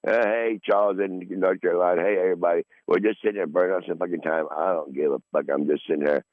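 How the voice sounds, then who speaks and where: A man's voice: sits low, fairly even intonation, fast, no echo. A man in his sixties hosting a podcast, talking in a casual, rambling monologue full of profanity and repeated words. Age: 60s. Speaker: podcast host. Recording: dull lo-fi dry recording.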